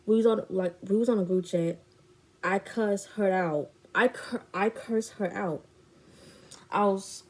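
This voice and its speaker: A woman's voice: mid-range voice, darkish tone. A young woman vlogger telling a personal story in a blunt, indignant, slangy way. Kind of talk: storytime chat.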